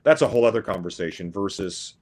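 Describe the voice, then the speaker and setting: A middle-aged man talks as a podcast guest, his voice sitting fairly low. He wanders through his points in a loose, conversational way, often restarting sentences and adding asides. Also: expressive, fast, darkish tone. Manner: rambling, frequent restarts and asides. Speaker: guest musician. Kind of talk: casual podcast chat.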